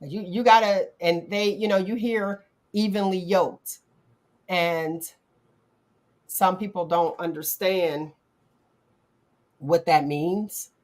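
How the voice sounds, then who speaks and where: A middle-aged woman hosting a casual talk show, animated and acting out quotes in playful voices. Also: on the low side, slow pace, pauses often. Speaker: podcast host. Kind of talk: casual chat.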